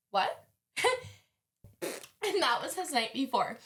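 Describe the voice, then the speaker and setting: Young woman, college student, chatty storyteller, casual and animated, does quick voices for the people in her story. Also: sits high. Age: young adult. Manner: animated, heavy use of "like", acts out quoted voices. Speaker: podcast guest.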